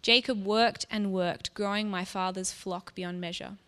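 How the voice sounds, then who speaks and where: A woman narrates in the first person, speaking softly and reflectively in a mid-range voice. Her words trail into a long reverb, as if recorded in a large hall. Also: mid-range voice, steady tone, unhurried, clean tone. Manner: soft, reflective, intimate. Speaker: storyteller. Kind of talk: first-person scripted storytelling.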